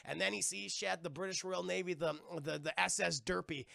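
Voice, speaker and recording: A man recapping a film to his chat in a loose, profane, rambling way. His voice is high and gravelly with a tense edge. The sound is dry and close. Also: brisk, pushed and bright, dry recording. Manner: crude, rambling.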